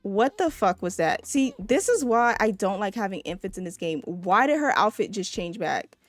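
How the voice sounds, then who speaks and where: Woman, let's-play host, mid-pitched, chatty, talks straight to viewers. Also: normal speed, soft background music. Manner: chatty, addresses viewers as y'all, excitable exclamations. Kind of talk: casual gameplay commentary.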